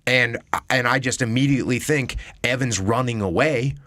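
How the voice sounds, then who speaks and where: A man's voice: mid-range voice, normal speed, a bit bright, dry recording. A man guest on a podcast, talking emphatically and acting out example conversations. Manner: emphatic, acts out example dialogues. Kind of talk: casual conversation.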